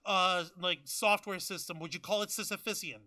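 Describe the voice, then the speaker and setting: A man hosting a podcast in casual chat, excitable and profane, with lots of fillers. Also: sits high, normal speed. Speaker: podcast host.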